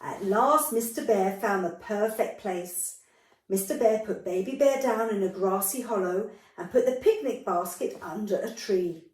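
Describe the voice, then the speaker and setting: Reading slightly slowly in a medium-pitched voice with a darkish tone, a storyteller shares a picture book with young children. She animates the characters' voices and adds chatty asides, and her voice sounds distant in an echoing room.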